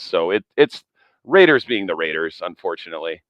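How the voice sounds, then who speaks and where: A man's voice: sits low, very animated, fairly quick, a bit bright, no room sound, highs cut off. A man co-hosting a sports podcast, making wry complaints in casual talk. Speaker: podcast co-host.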